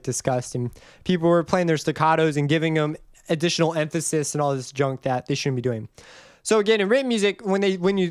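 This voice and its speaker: A man giving a casual music theory lesson, rambling and correcting himself as he goes, and humming the notes out loud. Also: fairly high pitch, no room sound, studio quality. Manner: rambling, self-correcting, hums and counts notes aloud. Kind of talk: casual screen-recorded tutorial.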